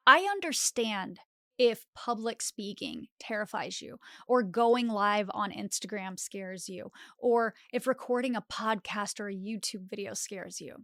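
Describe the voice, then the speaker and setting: Animated woman, higher pitch, dry mic. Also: no echo. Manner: animated, acts out inner voices with filler "like". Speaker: podcast host. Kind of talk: motivational self-help monologue.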